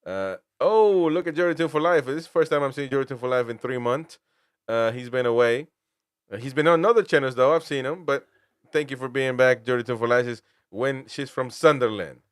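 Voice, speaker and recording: A man hosts a relaxed football chat, rambling and restarting his sentences. His voice is smooth and clear at a middle pitch, recorded close and dry. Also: a little fast, no echo. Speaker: host. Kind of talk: casual football talk.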